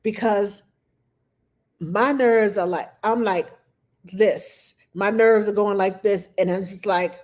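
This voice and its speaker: A woman's voice: medium pitch, slow. A woman hosting a casual livestream as a nanny. She tells stories with animation and acts out what she was thinking back then. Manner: animated storytelling, acts out her own past thoughts.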